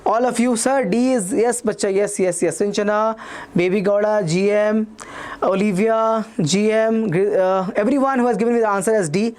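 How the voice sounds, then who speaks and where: A young man with an Indian English accent teaching a live online maths revision class, talking quickly and repeating himself while reading out students' comments. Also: sits high, darkish tone. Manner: fast, repetitive, reads students' chat comments aloud.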